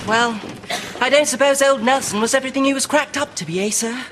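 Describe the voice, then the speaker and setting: A dim pirate crewman who muses on at length. His voice sits very high. The old broadcast adds a clear hiss. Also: a little fast. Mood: musing. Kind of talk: sitcom acting.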